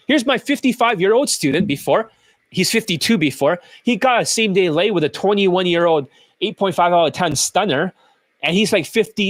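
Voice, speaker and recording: A male dating coach rants bluntly and combatively, swearing freely as he picks apart clips. His voice sits on the higher side for a man. The sound is close and dry, with no room around it. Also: no echo. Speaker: dating coach and channel host. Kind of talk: ranting commentary over clips.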